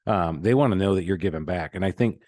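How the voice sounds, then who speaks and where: A man hosting a podcast, chatting casually with jokes at his own expense in quick run-on bursts. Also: sits low, darkish tone, no echo, clean studio sound. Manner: joking, self-mocking, talks in quick run-on bursts. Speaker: podcast host.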